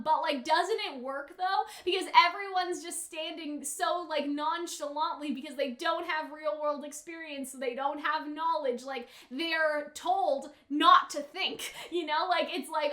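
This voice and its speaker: A young woman talking through an anime episode in casual commentary, chatty and full of fillers, often slipping into quick character impressions. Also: high voice, pushed and bright, reverberant. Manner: chatty, filler-heavy, quotes characters in put-on voices. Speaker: anime reaction YouTuber.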